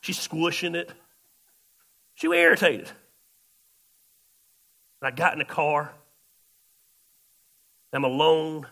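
A man pastor, telling a story in a sermon, shifting between loud outbursts and quiet asides. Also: on the high side, steady tone, takes it slowly, pauses often.

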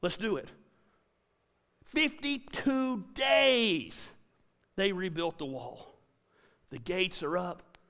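A man's voice: sits high, measured pace, a bit bright. A middle-aged man preaching a sermon as a pastor, conversational and emphatic, with punchy repeated lines. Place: church auditorium. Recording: reverberant hall.

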